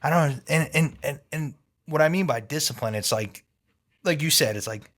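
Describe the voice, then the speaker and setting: A man co-hosting a parenting podcast, chatting in a relaxed way and often saying "dude". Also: fairly high pitch, normal speed. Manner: laid-back, says "dude" a lot, chuckles. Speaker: podcast co-host. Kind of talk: casual chat.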